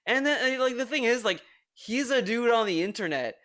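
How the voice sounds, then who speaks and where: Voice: medium pitch, animated, normal speed, a bit bright. A streamer giving exasperated, ranting commentary on a video, swearing freely. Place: home streaming room.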